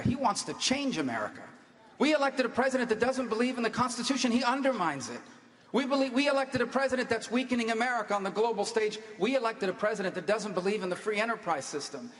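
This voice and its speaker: Fast, high-voiced debating man. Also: very animated. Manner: rapid, forceful, repetitive rhetoric. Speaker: presidential debate candidate. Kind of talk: political debate speech. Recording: live on stage in large reverberant hall.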